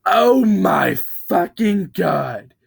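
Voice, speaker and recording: A man doing a shrill, frantic talking truck. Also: slow pace, full character voice. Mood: horrified. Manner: shrill, excited, then swearing in horror. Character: panicked talking cartoon truck, high and frantic.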